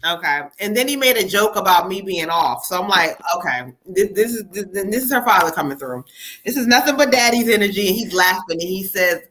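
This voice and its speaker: Chatty bright-voiced woman giving readings. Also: medium pitch, lively intonation, brisk, slight background noise. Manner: chatty, laughs often, relays spirit messages. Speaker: psychic reader hosting a live stream. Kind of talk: live tarot reading.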